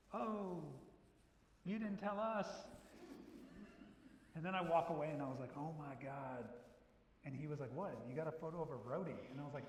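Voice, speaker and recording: A man's voice: mid-range voice, slight background noise. A man, a photographer, telling casual anecdotes to a club audience, acting out the dialogue as he goes. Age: adult who was a child in the 1980s. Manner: chatty and anecdotal, acts out quoted dialogue. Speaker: photographer giving a club presentation. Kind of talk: casual storytelling talk. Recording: echoey hall recording from a room mic.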